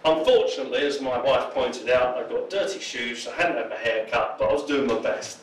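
A man's voice: medium pitch, big pitch swings, fairly quick, a little hiss or hum. A man gives a jokey public talk to an audience in a pub function room, telling anecdotes and acting out the voices of the people in them. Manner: jokey storyteller, acts out quoted voices. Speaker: political speaker. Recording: roomy, distant mic, faint ambience.

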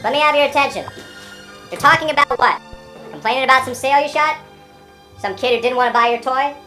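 A swaggering male sales boss who berates his elves, played by a woman in an amateur comedy sketch. The voice is bright and forceful and sits a little high. Faint music plays underneath. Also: quick pace. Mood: scornful. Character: brash abusive male sales boss from the North Pole. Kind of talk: amateur comedy parody acting.

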